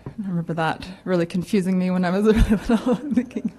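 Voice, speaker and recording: A woman's voice: on the low side, fairly even intonation, fast talker, mellow. A woman close to tears gives an unscripted eulogy in a funeral chapel, her thoughts coming out in loose, rambling order. She apologizes often and breaks into small laughs as she recalls fond memories. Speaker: granddaughter giving a eulogy.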